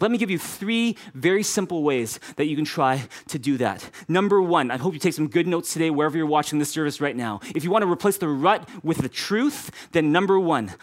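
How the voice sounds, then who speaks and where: A man preaching a sermon as pastor, repeating key phrases and speaking directly to his congregation. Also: fairly high pitch.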